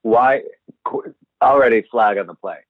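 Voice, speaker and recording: A man's voice: mid-range voice, a little slow. A man co-hosting a podcast remotely, teasing and sarcastic in casual chat. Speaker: podcast co-host. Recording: tinny phone-like line.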